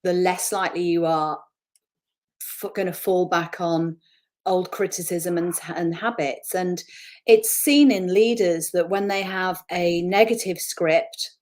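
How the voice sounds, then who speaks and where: A woman's voice: fairly low pitch, measured pace. A woman from the north of England with a Northern English accent, a motivational speaker talking in an interview and acting out voices as she explains. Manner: animated, acts out voices of self-talk. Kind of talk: webinar interview talk.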